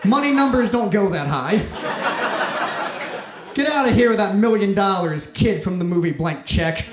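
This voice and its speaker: Young guy doing standup, kinda high voice, dry deadpan jokes, echoey club. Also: normal speed. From Mississippi, US. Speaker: stand-up comic. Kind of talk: stand-up comedy set. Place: comedy club stage. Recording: roomy club sound, faint noise.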